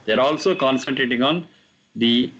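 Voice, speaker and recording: A man teaching a class on scripture, explaining verses slowly and repeating the recited lines. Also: mid-range voice, fairly bright tone, highs cut off. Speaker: teacher of Vedic texts.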